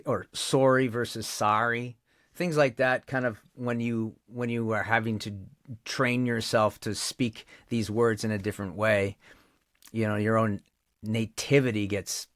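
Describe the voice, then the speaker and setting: A man's voice: on the low side, steady tone, measured pace, fairly bright tone, no echo, clean studio sound. A man with a Canadian accent, a voice actor chatting casually as an interview guest, rambling with many restarts.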